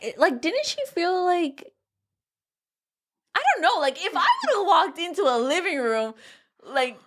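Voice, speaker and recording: A woman's voice: very high-pitched, animated, a little slow. A young woman co-hosting a podcast, chatting casually about a book with playful asides and frequent laughter. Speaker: podcast co-host.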